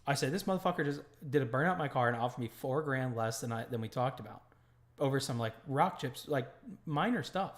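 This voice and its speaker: A man hosting a casual podcast, telling a story with lots of swearing and energy. His voice sits at a middle pitch. He sounds relaxed and conversational. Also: brisk. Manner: profane, animated storyteller. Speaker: podcast host.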